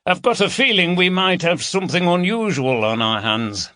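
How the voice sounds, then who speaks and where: Gruff-warm Yorkshire DCI, brisk and teasing, raised bright voice, read by a male narrator, audiobook. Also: high-pitched, lively intonation, no room sound, studio quality, pitched above the performer's own voice. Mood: jovial. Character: jovial Yorkshire male chief inspector, teasing.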